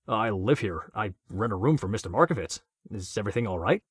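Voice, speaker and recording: A man's voice: lowish voice, lively intonation, brisk, breathy edge, no echo, clean studio sound. A man voicing a tense, guarded young male police officer who gives short answers.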